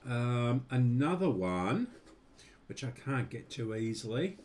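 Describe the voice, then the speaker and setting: A man's voice: mid-range voice, big pitch swings, slow pace, darkish tone, a little hiss or hum. A man casually showing off his vintage radios, rambling with fillers and asides. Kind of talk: casual show-and-tell vlog.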